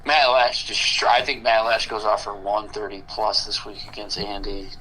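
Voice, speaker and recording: A man's voice: fairly low pitch, level tone, normal speed, pushed and bright, slight background noise, poor audio. A man co-hosting a podcast in casual chat, with crude, joking banter. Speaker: podcast co-host.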